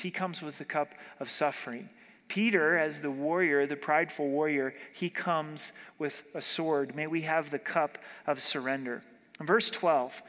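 A pastor giving a midweek Bible study sermon, slowing to read scripture aloud and asking the congregation rhetorical questions. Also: male voice, fairly high pitch, sharp tone. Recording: long hall reverb.

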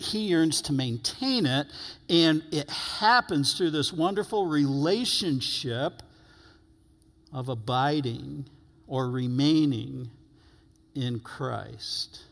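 A man preaching a sermon as pastor, earnest, stretching key words and letting phrases fall to quiet endings. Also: a little high, animated, slow pace, gravelly. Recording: long hall reverb.

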